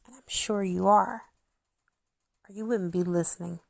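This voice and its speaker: A woman's voice: mid-range voice, fairly even intonation, moderate pace, creaky, long pauses, no room sound. A woman in her thirties, a spiritual channel host, talking intimately to her viewers and acting out quotes as she tells a story. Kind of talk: casual monologue to viewers.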